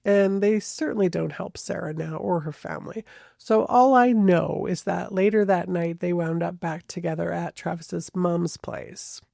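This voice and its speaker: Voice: medium pitch, measured pace, vocal fry, a little mellow, no room sound, studio quality. A true crime podcast host narrating a case in a casual, conversational way, hedging often and restarting sentences.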